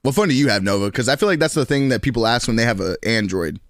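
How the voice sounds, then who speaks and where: Twenties new york dude streaming, rambly and profane, mid pitch, dead dry mic. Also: male voice, lively intonation, fast talker, no echo. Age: 20s. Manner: loose, profane, rambling with frequent laughs. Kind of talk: casual chat with stream chat.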